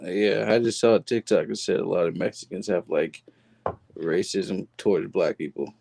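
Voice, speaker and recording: A man's voice: low voice, normal speed, creaky, darkish tone. A man in casual podcast chat, bantering in a wry, mock-formal way.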